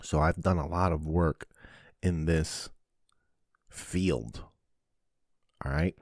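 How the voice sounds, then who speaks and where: A man hosting a podcast, giving a casual, animated monologue full of swearing. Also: extremely low pitch, slow, no room sound, studio quality. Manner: swears often, animated and preachy. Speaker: podcast host.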